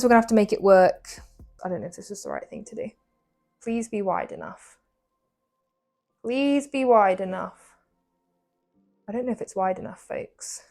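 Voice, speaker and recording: A woman's voice: mid-range voice, a little mellow. Chatty English woman baking on camera. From England. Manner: chatty, self-mocking, talks to viewers. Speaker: baking vlogger. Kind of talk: casual chat while baking. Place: home kitchen.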